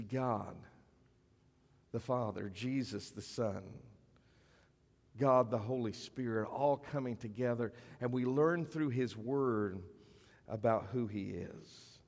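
A pastor preaching in a reverberant hall. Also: male voice, medium pitch, a little mellow. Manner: conversational preaching, slows for emphasis, drops to near whisper. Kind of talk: sermon. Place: church sanctuary. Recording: long reverb of a church hall.

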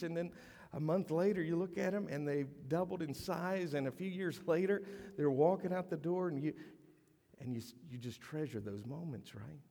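A man preaching a sermon to his congregation, animated and storytelling, acting out voices in his stories. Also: a little high, moderate pace, gravelly, big-room sound. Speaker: pastor. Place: church sanctuary.

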